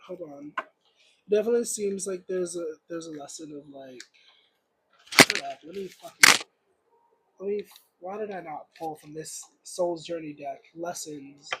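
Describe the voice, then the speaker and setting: A man's voice: fairly high pitch, moderate pace, heavy background noise. A young man giving a casual livestream tarot reading, rambling and searching for words with lots of fillers. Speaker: tarot reader.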